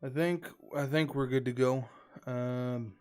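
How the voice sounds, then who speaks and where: Smooth-voiced laid-back male game streamer. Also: medium pitch, steady tone, unhurried, darkish tone. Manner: rambling, filler-heavy, laid-back. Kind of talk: casual live-stream chat. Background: faint background music.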